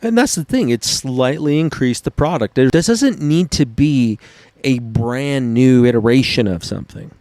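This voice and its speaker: A man hosting a casual podcast, telling stories in an animated, profane way. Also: mid-range voice, moderate pace, no echo. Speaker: podcast host. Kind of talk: casual chat.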